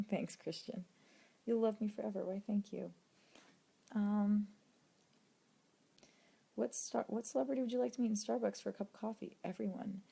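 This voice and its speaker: A young woman, an actress and video creator, reading fan questions in a late-night livestream, talking softly and hesitantly, often dropping to a near-whisper. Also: medium pitch, fairly even intonation, normal speed, gravelly, pauses often, husky. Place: indoors at home late at night.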